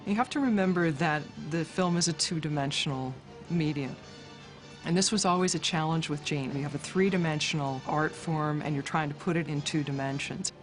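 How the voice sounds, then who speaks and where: A woman's voice: low voice, normal speed, soft background music. A woman recounting behind-the-scenes stories in a documentary interview, retelling quoted dialogue conversationally.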